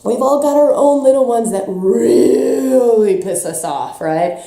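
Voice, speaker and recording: A woman's voice: on the high side, expressive, slow pace, vocal fry, dark tone, echoey room. A woman teaching a spiritual workshop, talking intensely and emphatically with a stuffy nose, sometimes mocking others in put-on voices. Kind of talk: impassioned teaching talk.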